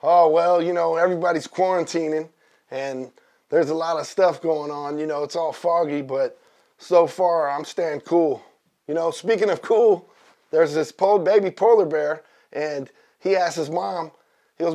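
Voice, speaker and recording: A man's voice: fairly high pitch, normal speed, warm tone. A man guest telling long jokes in a loose, rambling way, voicing the characters. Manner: loose, rambling joke delivery with voiced characters. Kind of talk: comic joke telling.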